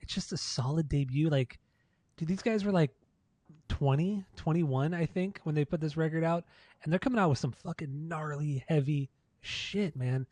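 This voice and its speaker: A man's voice: fairly high pitch, normal speed, a little mellow, no room sound. A man co-hosting a podcast in casual chat, laid-back, swearing freely and laughing often. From United States. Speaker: podcast co-host.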